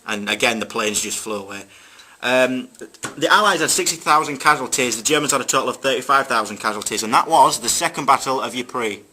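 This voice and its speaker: A young man narrating a school history video, breaking off for jokey asides between halting fillers. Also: mid-range voice, bright, forceful tone, slight background noise. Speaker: student presenter.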